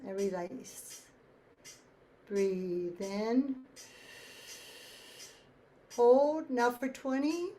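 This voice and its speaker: A woman leading a choir through breathing warm-ups, counting beats and giving calm instructions. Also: fairly high pitch, takes it slowly, slight background noise. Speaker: choir leader. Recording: faint ticking metronome.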